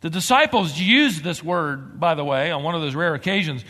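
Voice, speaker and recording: A man preaching a sermon as pastor, moving between quiet, measured passages and excited, emphatic bursts. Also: on the high side. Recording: long hall reverb.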